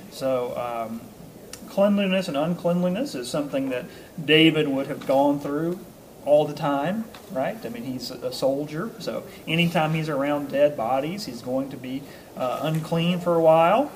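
A man leads an informal Bible study, reading scripture aloud and then unpacking it in a relaxed, chuckling way. His voice sits a bit high for a man and is full of ums and uhs, with a faint hiss under it. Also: a little slow. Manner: reads a passage, then explains it conversationally with chuckles; casual, with frequent ums and uhs. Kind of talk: informal scripture teaching to a small group.

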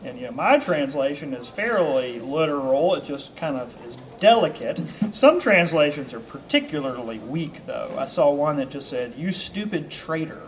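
A man's voice: on the high side, expressive, moderate pace, few pauses, a little hiss or hum. A man teaching a Bible study group. He reads a passage, then explains it casually with ums, uhs and chuckles. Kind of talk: informal scripture teaching to a small group.

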